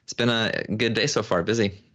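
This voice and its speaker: Very low-voiced man on a call. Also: fairly even intonation, fairly bright tone. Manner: measured, halting, restarts phrases. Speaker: guest speaker. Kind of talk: remote panel interview. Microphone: video call.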